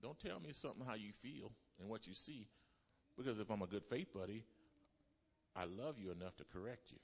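A man preaching a sermon as pastor, swinging between loud exhortation and low, quiet passages. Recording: long hall reverb.

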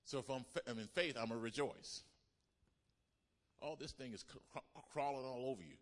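Male pastor, sermon delivery, call-and-response, drops from emphatic to near-hushed; long hall reverb. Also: medium pitch, moderate pace.

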